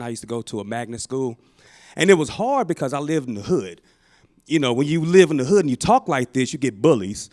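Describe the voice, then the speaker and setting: A man from St. Louis doing a stand-up comedy set on a club stage, animated and slipping into character voices. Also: mid-range voice, a little fast. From St. Louis, Missouri.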